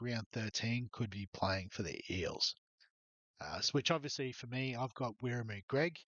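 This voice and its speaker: A man's voice: on the low side, fairly bright tone, no echo, highs cut off. A man walking through his fantasy rugby league team in a rambling, hesitant way, full of ums. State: has the hiccups. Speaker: fantasy sports youtuber. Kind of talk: casual fantasy team walkthrough.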